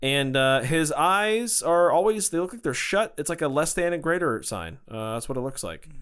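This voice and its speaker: Man as a blunt, hesitant kid student in a comedy bit; lively, smooth voice, a touch high. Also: moderate pace. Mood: playful. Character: cheeky ten-year-old boy student, blunt. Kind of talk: improvised comedy role-play.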